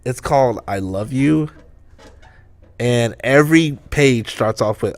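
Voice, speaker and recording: A young podcast co-host chats casually in a laid-back way, swearing freely and laughing often. His mid-range voice has lively intonation and a measured pace, and the recording is dry.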